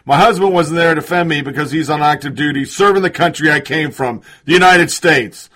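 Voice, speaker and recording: A man's voice: fairly high pitch, a little fast, fairly bright tone. A man hosting a commentary show, reading listener messages and news with a sarcastic edge. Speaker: host.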